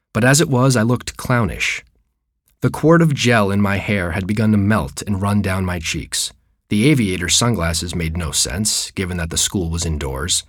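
A man reading a personal memoir story aloud, with wry, deadpan humor. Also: sits low, no room sound, clean studio sound.

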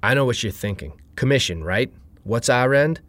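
A man reading a story, voicing a young saleswoman who stays upbeat and keeps pitching. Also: expressive, moderate pace, a bit bright, dry recording, close to an everyday voice. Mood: cheerful pitching. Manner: perky sales pitch, raised pitch.

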